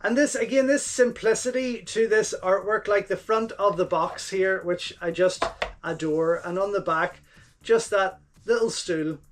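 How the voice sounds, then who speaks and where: A man with a fairly high voice hosts a casual unboxing, talking through each item as he handles it. He gushes with enthusiasm and keeps coming back to the same few words of praise. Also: measured pace, a little hiss or hum. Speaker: channel host reviewing home video releases.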